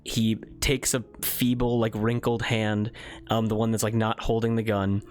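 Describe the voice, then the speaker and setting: A man's voice: lowish voice, level tone, normal speed, faint music behind. A man narrating as game master in a casual, rambling way, full of filler words.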